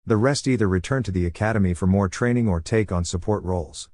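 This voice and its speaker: A man's voice: sits low, quick pace, warm tone, no echo, clean studio sound. A man reading a laid-back ninja teacher. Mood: easygoing. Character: relaxed, teasing adult male ninja teacher.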